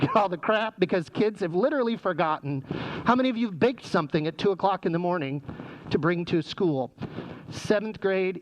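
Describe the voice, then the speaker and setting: A man presents to a room of parents with a high, light voice while wearing a face mask. His delivery is jokey and conversational. He keeps turning to the audience with quick questions. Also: dull audio, a little hiss or hum. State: speaking through a face mask. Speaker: presenter speaking to parents, former sixth grade teacher. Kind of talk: humorous live talk to an audience.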